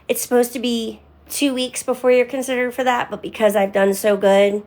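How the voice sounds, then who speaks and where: A woman's voice: fairly high pitch, steady tone, brisk, few pauses, fairly bright tone. A young woman talking candidly on a live stream, answering viewers by name in casual chat.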